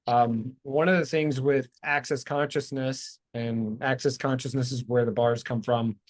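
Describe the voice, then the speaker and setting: Male host, casual and rambling, explains with lively jumps in pitch. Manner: rambling, self-correcting, animated explainer. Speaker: show host. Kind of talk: casual talk show chat.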